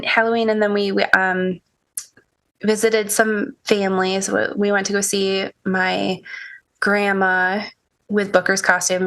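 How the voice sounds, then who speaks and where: A young woman with a creaky, mid-range voice appears as a podcast guest, telling an emotional personal story. She halts often, restarting many times and letting out soft laughs.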